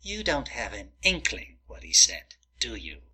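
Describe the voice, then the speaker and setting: A man playing a fussy, pedantic man who needles and lectures his roommate, indignant and drawn-out in a comedy sketch. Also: on the low side, huge pitch swings, bright, forceful tone, breathy edge, heavily acted. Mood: lecturing. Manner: prissy, indignant, drawn-out storytelling.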